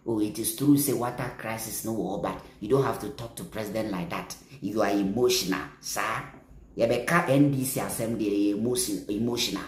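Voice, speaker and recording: A man with a Ghanaian accent giving impassioned political commentary, emphatic, repeating phrases and bursting into louder stretches. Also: medium pitch, roomy sound. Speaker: social media commentator.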